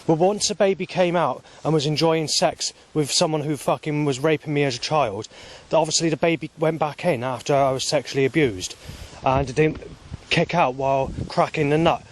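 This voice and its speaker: A man, rambling and swearing as he walks outdoors filming on his phone, at times flaring into angry shouting. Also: on the high side, normal speed. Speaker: vlogger. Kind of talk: rambling walking vlog monologue. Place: outdoors, walking along paths. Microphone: handheld phone camera.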